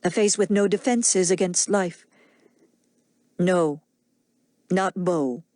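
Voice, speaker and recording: A woman narrating an audiobook in a measured, even storytelling manner. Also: on the low side, no echo.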